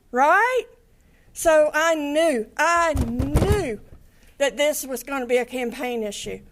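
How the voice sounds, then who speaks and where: Angry older woman, high voice. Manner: angry, impassioned, swearing, voice breaking into tears. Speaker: victim's family member giving an impact statement. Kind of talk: emotional courtroom statement. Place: courtroom.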